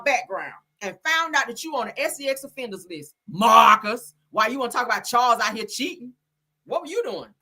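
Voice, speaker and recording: A woman hosts a celebrity gossip stream with a sassy, chatty delivery. Her voice is bright and fairly high, swinging widely in pitch as she acts out what people said. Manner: swears freely, chatty slang. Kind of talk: casual commentary.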